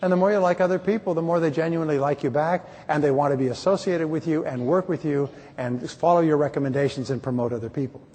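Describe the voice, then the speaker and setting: A man's voice: fairly high pitch, fast, hardly any pauses, a little mellow, breathy edge. A middle-aged man giving a motivational conference speech, emphatic and repetitive, with joking stories. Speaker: motivational speaker. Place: large conference hall. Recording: reverberant hall, from far off.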